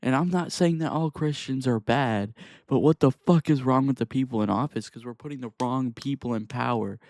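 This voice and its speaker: A man's voice: medium pitch, moderate pace, a little mellow, no room sound, clean studio sound. A young man from Texas ranting to camera, heated and profane, exasperated. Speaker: vlogger. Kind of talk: angry rant to camera.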